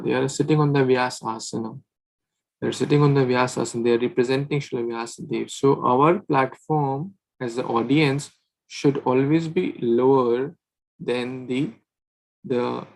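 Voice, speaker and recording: This is a man leading a scripture reading group. His teaching is relaxed and chatty, and he often turns to the listeners to check they are following. His mid-pitched voice has a gravelly texture. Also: rough recording. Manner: chatty, keeps asking "right?". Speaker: scripture class leader.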